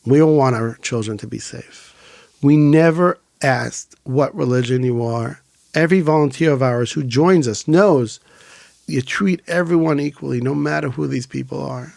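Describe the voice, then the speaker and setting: Gravelly and mid-range, this middle-aged Israeli man's voice moves at a moderate pace in a dry, studio-quality recording. As founder of an emergency volunteer organization, he's an animated storyteller in a casual interview, acting out the voices he quotes.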